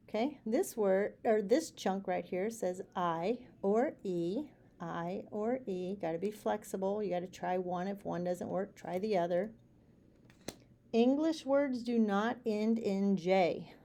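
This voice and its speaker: Mellow-voiced woman teaching phonics. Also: medium pitch. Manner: patient, repeats sounds slowly and clearly. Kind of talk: phonics lesson for students and parents.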